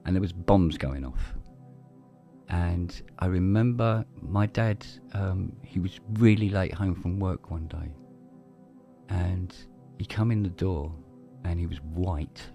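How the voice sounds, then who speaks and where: A man's voice: deep voice, slow, creaky, mellow, soft background music. A middle-aged man telling a rambling story in casual chat, swearing freely and restarting his sentences. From London, England. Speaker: podcast co-host.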